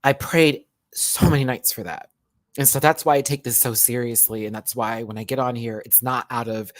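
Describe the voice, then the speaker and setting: A man's voice: mid-range voice, moderate pace, fairly bright tone, dry recording. A young man hosting his own livestream, talking heartfelt and rambling to viewers while emotional and near tears, often repeating and restarting words. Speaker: YouTuber host.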